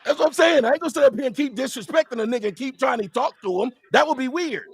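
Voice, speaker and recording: A man with a high-pitched voice argues his case on a live-stream panel. He is emphatic and combative and keeps pressing his point, sometimes rising to a shout. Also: fast, a crowd in the background. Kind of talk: heated live-stream debate.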